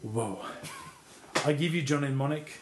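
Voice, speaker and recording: A man's voice: mid-range voice, moderate pace, noisy background. A man co-hosting a podcast, chatting casually about a film he likes, rambling and self-deprecating, with casual swearing. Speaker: podcast co-host. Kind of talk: casual film review chat.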